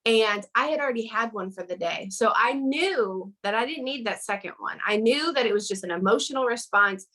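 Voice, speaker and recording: A woman's voice: a little high, fairly quick, bright, forceful tone, rough recording. A woman speaking as a guest in a casual interview over a video call, earnest and chatty with lots of fillers.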